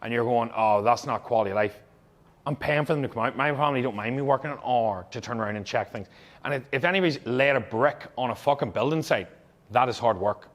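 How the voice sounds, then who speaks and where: A man's voice: mid-range voice, fast talker, fairly bright tone. A young man, a fitness coach, giving blunt, heavily profane, emphatic advice to fellow coaches.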